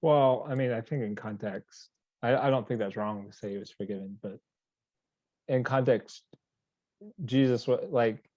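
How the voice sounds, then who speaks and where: A man's voice: medium pitch, normal speed, pauses often, no echo. Male podcast host; wry, easygoing chat, recorded dry and a bit lo-fi. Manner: relaxed, wry, laughs while reading quotes. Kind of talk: casual chat. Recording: dull dry lo-fi sound.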